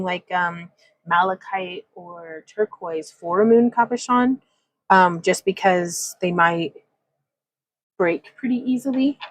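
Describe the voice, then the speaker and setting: A woman's voice: mid-range voice, dry recording, poor audio. A woman hosting a casual craft livestream, talking through a wire-wrapping demonstration in a chatty, rambling way, laughing often and reading chat comments aloud. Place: home craft room.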